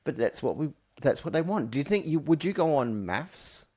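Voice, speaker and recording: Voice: medium pitch, very animated, normal speed, darkish tone. A podcast host in casual interview chat, encouraging, backchanneling often and swearing casually.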